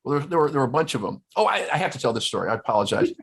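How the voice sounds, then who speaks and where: A man telling stories in casual conversation as a guest at a round-table talk, animated and full of restarts. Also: medium pitch, rapid-fire, creaky, breathy edge. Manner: storytelling, animated, many restarts. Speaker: guest, former ambassador. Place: indoors, round-table discussion.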